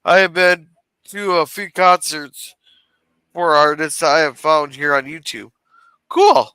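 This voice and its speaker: A man recaps a TV episode on a podcast in a breezy, chatty way, waving off the details as he goes. His voice is bright, crisp and smooth. The sound is dry and close to the mic. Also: on the high side, measured pace, no room sound. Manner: chatty, summarizes scenes with "blah, blah, blah". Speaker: podcast co-host reviewing a TV episode. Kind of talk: casual chat.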